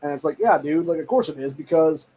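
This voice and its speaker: A man's voice: on the high side, fast, mellow, rough recording. A man hosting a show, ranting in a heated, profane, rambling way and saying "dude" often. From United States. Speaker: show host. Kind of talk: casual political rant.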